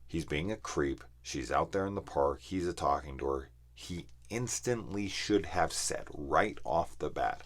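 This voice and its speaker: A man's voice: rumbling low, lively intonation, a little slow, hardly any pauses. A man reviewing a horror film in casual, profane, exasperated ranting.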